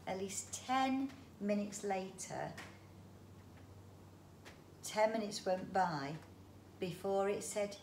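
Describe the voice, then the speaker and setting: A woman's voice: medium pitch, expressive, slow, long pauses, darkish tone. Woman reading a children's story aloud. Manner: chatty asides to the listener. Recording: roomy echo, faint background noise.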